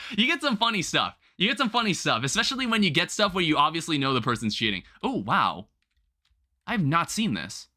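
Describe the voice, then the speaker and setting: A young man hosting a livestream, chatting casually while gaming and telling rambling, animated stories with some swearing. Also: a little high, moderate pace. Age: young adult. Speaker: livestream host.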